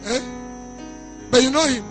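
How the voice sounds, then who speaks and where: Nigerian pastor preaching to his church, high husky voice, reads slowly then shouts for emphasis, soft music underneath. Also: poor audio. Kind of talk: sermon.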